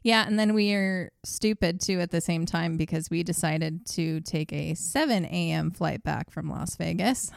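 A middle-aged woman co-hosting a podcast in easygoing, wry chat. Her low voice has a gravelly edge, and the recording is close and dry. She talks like a regular host bantering with a friend. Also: moderate pace, few pauses, no echo. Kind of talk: casual chat.

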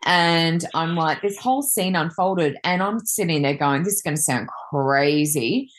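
Chatty Reiki woman, low deep voice, rambling casual stories. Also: measured pace. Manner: chatty, rambling, many fillers. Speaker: Reiki master and card reader. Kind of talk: casual chat, telling anecdotes.

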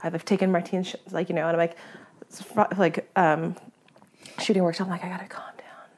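A woman telling a story as a guest in a conversation, animated, laughing often and acting out her own reactions. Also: lowish voice, brisk, a little hiss or hum. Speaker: guest hunter.

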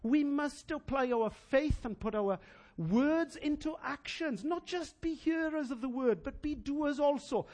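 A man preaching a sermon as pastor, animated and emphatic, telling personal anecdotes. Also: very high-pitched, unhurried, hardly any pauses.

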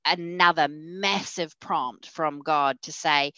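New Zealand woman, low crisp voice, lively storyteller, dry muffled sound. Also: normal speed, no room sound. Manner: lively storyteller, acts out quoted speech. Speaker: guest. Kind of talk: telling a personal faith story.

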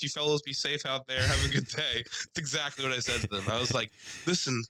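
A man telling a story in casual podcast chat, animated, acting out the people he quotes. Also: fast talker, no echo, poor audio. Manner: animated, acts out quoted people in higher voices. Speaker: podcast co-host.

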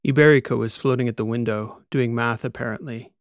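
A man reading a science fiction story aloud. His delivery is steady and measured, with a gravelly texture. The sound is dry and close to the mic. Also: medium pitch, no echo. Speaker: audiobook narrator. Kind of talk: scripted narration.

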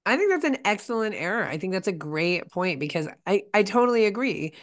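A woman co-hosting a podcast, recapping a reality show in relaxed, expressive talk with plenty of filler words. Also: medium pitch, fairly quick. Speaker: podcast co-host.

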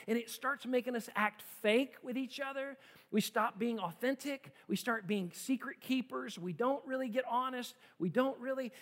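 A man with a strikingly high voice preaches a sermon, leaning on repeated phrases and rhetorical questions. His words ring out with a long, hall-like reverb, as from a large sanctuary. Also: fairly bright tone. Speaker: pastor.

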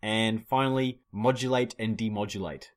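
A man's voice: fairly low pitch, steady tone, moderate pace. A man, quizzing his co-host in a casual podcast chat, laughing often.

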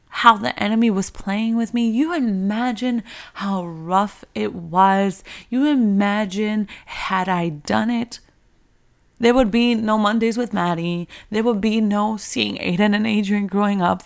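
A woman's voice: mid-range voice, vocal fry. A woman giving an earnest, repetitive motivational faith talk to single mothers, urging them again and again not to give up. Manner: earnest, repetitive, preacher-like exhortation. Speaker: faith encourager for single moms.

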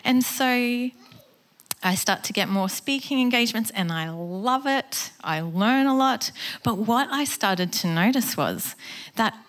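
A woman's voice: mid-range voice, lively intonation, measured pace, a bit bright. A woman giving a personal testimony as a guest speaker, speaking in an earnest, conversational way and acting out the voices in her story.

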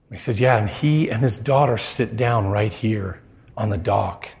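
A man preaching, telling a personal story with lively acted-out quotes. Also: mid-range voice, moderate pace. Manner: animated storyteller, acts out quoted lines. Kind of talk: sermon storytelling.

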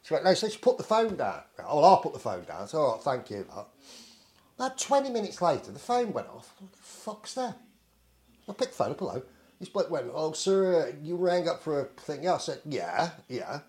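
English man swearing through a lively anecdote. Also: on the high side, a little fast. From England. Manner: swears constantly, acts out the people in his story. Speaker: storyteller. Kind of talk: casual anecdote.

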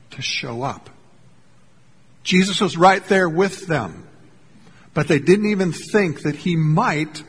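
A man preaching a sermon as pastor, telling a story earnestly and slowing down to stress key lines. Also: mid-range voice, creaky, husky, long reverb tail. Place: church sanctuary.

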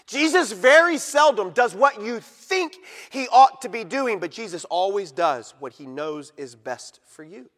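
A man preaching a sermon as pastor, emphatic, swinging from loud to hushed and drawing words out for stress, in a church sanctuary. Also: high voice. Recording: long reverb of a large hall.

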